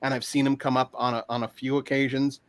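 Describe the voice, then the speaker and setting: A man chatting casually as a guest, talking haltingly with many fillers and restarts over a video call. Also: medium pitch, level tone. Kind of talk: casual chat.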